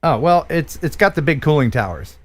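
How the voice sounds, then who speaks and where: Man from the USA, live stream host, chatty, joking, restarts, fairly high voice. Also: lively intonation, a little fast. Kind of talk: casual live stream chat.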